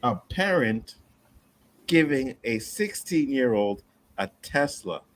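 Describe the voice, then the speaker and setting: A man from Nova Scotia hosting a casual panel discussion, profane and animated, reading out viewer messages. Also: medium pitch, takes it slowly. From Nova Scotia, Canada. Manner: profane, animated, acts out quotes. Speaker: panel show host.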